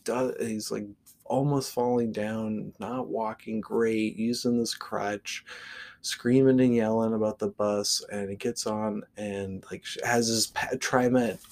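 A man's voice: lowish voice, fairly even intonation, slow pace, darkish tone. A man from the Portland area hosting a podcast, telling a story casually with lots of swearing and filler words. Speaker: podcast host.

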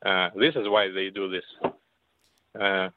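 A man with a Russian accent, a non-native English speaker, calling in to a radio show and talking haltingly with many pauses. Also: deep voice, fairly even intonation, no room sound. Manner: halting, searching for words. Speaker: caller. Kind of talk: call-in talk radio. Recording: dry tinny phone line.

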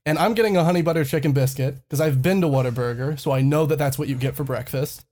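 Young podcast co-host telling a profane anecdote, laughing as they go, middle pitch. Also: fast talker, darkish tone. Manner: profane, laughs through the story. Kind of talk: casual storytelling.

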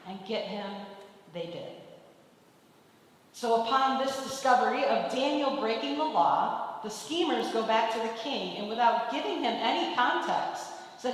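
A woman's voice: a little high, animated, unhurried. A woman giving a sermon, retelling a scripture story and acting out the quoted lines with a lifted voice. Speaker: preacher. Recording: distant mic in a long-reverb hall.

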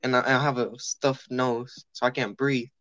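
A man's voice: medium pitch, normal speed, dry recording, muffled recording. A young man chatting casually, swearing freely and telling a story while acting out the people in it. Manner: animated, swearing, acts out quoted people.

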